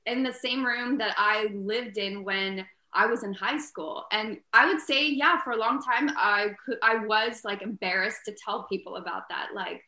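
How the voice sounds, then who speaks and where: Bright-voiced woman in an echoey room. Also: fairly high pitch, lively intonation, normal speed, few pauses. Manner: earnest, peppered with "like", grows loud and emphatic. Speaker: entrepreneur and inventor, interview guest. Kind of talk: casual interview talk.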